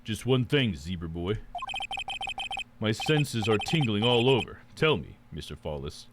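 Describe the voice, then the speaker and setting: A man voicing a cocky, teasing male prosecutor with a low condescending drawl. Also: very animated, unhurried. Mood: smug. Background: game music.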